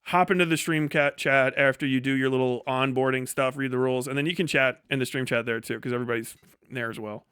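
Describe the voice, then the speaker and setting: A man's voice: mid-range voice, steady tone, fast talker, fairly bright tone, clear, resonant tone, no room sound, studio quality. A young man hosting a livestream, ranting mockingly with frequent laughter and swearing, then reading out donations. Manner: mocking, laughing often, profane. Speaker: livestream host. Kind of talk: casual livestream rant.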